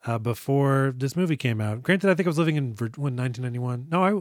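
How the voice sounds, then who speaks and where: A man's voice: medium pitch, expressive, quick pace, dry recording, studio quality. A man co-hosting a casual movie podcast, recapping scenes in a jokey, profane way and acting out lines. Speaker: podcast co-host.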